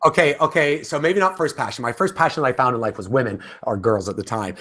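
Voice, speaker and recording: A man's voice: mid-range voice, fast talker, a bit bright. A man teaching a course in a casual, talkative way, with frequent fillers and restarts. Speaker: course instructor. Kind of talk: casual spoken lecture.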